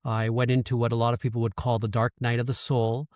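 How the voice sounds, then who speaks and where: A man's voice: medium pitch, little pitch movement, quick pace, a little mellow, no echo, studio quality. A man from Canada, a podcast guest in his thirties, candidly telling an emotional personal story and swearing now and then. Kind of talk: casual storytelling interview.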